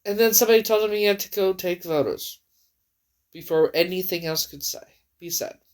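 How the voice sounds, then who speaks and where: A woman crying as she tells a rambling, emotional personal story indoors at home, with halting restarts. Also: fairly low pitch. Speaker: vlogger.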